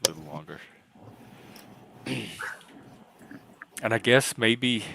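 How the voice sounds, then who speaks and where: A man hosting a casual panel chat, rambling and hesitant, often trailing off quietly. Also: fairly low pitch, animated, slow, gravelly, slight background noise. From United States. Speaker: podcast host.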